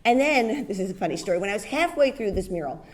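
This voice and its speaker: A middle-aged woman from New Jersey giving a keynote speech, telling her stories in an animated way and acting out the dialogue. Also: mid-range voice, quick pace. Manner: animated storyteller, acts out dialogue, laughs often. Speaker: keynote speaker.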